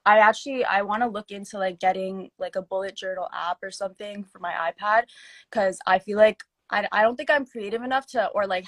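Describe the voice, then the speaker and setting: A young woman co-hosting a podcast in easy, rambling chat, sprinkling "like" through her sentences. Her voice sits at an ordinary middle pitch. The recording is close and dry, with no room around it. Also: a bit bright, no echo. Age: young adult. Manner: chatty, lots of "like" fillers. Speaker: podcast co-host. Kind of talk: casual chat.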